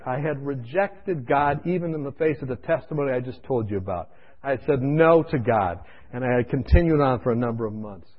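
Man, sermon testimony, fairly high voice, dramatic loud-to-hushed storytelling, dull lo-fi radio recording. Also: animated, fairly quick. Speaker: preacher giving his testimony.

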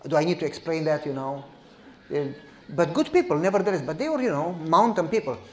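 A man, preaching as a pastor and telling a story in a lively, direct way. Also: fairly high pitch, fairly quick, echoey room, slight background noise. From Romania. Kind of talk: sermon storytelling.

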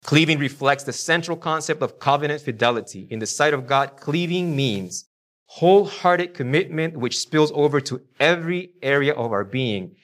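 A man preaching a sermon to a congregation, with emphatic swings between loud declarations and quiet low lines, and questions put to the listeners. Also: normal speed. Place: church before a congregation.

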